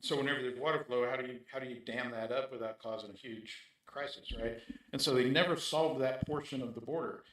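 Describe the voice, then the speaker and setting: A man talks as an interview guest, pressing his points and tagging them with "right?". His voice sits at an ordinary middle pitch. The recording is very echoey, as if made in a bare room. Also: quick pace, a bit bright. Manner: emphatic, repeats points with "right?". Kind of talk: casual interview talk.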